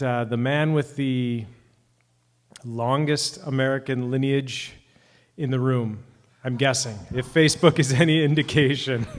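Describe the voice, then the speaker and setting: A chatty man hosts an open mic at an arts venue, rambling a little and filling gaps with ums and small laughs. His voice rings out with a long hall reverb. His pitch sits in an ordinary male range. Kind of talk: casual introduction of a performer. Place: arts venue stage, indoors.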